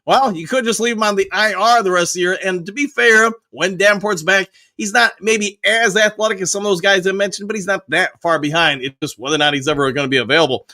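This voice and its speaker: A man hosts a casual live stream and reads viewer comments aloud, answering each one in turn. His voice sits high for a man and sounds bright and forceful. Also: quick pace, hardly any pauses. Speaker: livestream host reading chat. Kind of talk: casual live chat reading.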